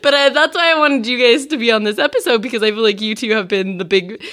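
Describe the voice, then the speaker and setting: With a high-leaning, fairly bright voice, she speaks fast. She's a podcast host and audio biographer talking about her work with friends in a relaxed conversational interview, chatty, full of "like," and quick to laugh at herself.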